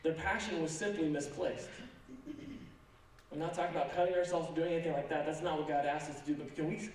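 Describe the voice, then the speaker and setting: A pastor preaching a sermon in an animated, joking manner with sarcastic asides. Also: male voice, fairly high pitch. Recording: echoey sanctuary, from a distance.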